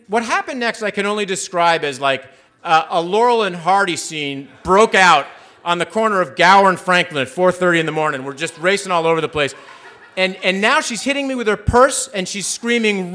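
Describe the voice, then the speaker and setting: A man telling a personal story live on stage, animated and self-deprecating, with frequent restarts. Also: high-pitched.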